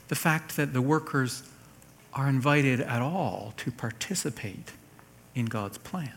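A man preaching a sermon at a middle pitch. He explains scripture step by step. His voice lifts on the key points and then drops low and quiet. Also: measured pace, creaky, breathy edge. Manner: explanatory, rises for emphasis then drops soft.

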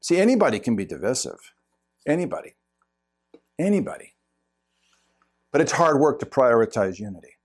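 A man's voice: mid-range voice, big pitch swings, moderate pace, pauses often, a little mellow. A middle-aged man preaching a sermon, earnest and emphatic, repeating words for stress. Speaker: pastor.

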